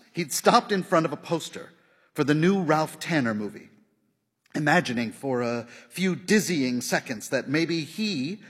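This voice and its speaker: A man with a slightly husky voice reads a literary novel aloud, with lively ups and downs in pitch. His measured storytelling carries a long reverb tail. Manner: measured storytelling, softening and lifting his voice for the dialogue. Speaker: audiobook narrator. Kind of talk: scripted narration of a literary novel.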